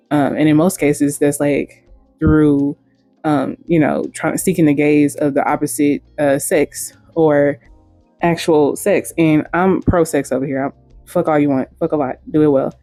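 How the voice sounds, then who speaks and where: A woman's voice: deep voice, mellow, no room sound. A woman hosting a casual commentary vlog, speaking bluntly and frankly with casual profanity. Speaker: host.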